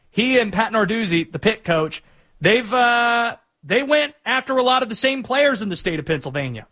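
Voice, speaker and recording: High-voiced sports radio host. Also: male voice. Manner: energetic, opinionated, hypes matchups.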